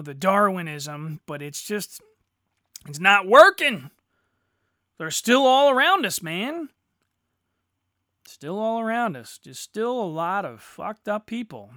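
A middle-aged man with a high-pitched, bright, forceful voice hosts a solo podcast in clean studio sound with no room sound. He rants crudely and sarcastically, swearing heavily throughout.

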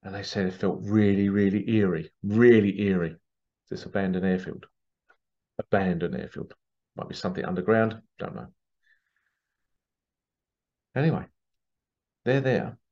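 Speaking low and a little slowly with long pauses, the host of a spiritual channel, an Englishman, rambles through a casual monologue story with restarts and asides. His tone is a little mellow, captured in dull lo-fi audio.

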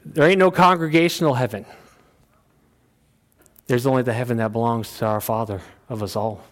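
A pastor preaching in a folksy, conversational way. He pushes his voice up high and loud to drive a point home, then drops to a low, quiet tone for asides. His voice sits at a middle pitch for a man. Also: fairly even intonation, moderate pace. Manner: folksy, plain-spoken preaching. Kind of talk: sermon.

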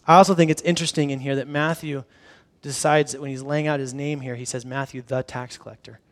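A man giving a casual sermon, reading scripture and then playfully acting out the disciples' reactions in a conversational, animated way. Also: mid-range voice, fast. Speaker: pastor.

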